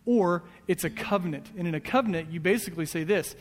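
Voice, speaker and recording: A man preaching a sermon as pastor, earnest and repetitive, easing into soft prayer. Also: high voice, fast talker, hardly any pauses. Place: church hall. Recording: echoey church hall. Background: soft guitar.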